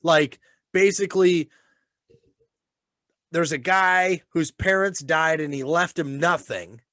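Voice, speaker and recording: A man's voice: a little high, slow pace, a bit bright, dry recording, studio quality. A man co-hosting a casual chat. He talks animatedly, swears freely and laughs often. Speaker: podcast co-host and father.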